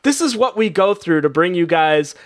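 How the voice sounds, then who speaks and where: Brief: male comedy host, high and very lively voice, rambling, chatty, quick to laugh. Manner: rambling, laughing, lots of restarts. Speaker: game show host. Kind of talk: casual comedic banter.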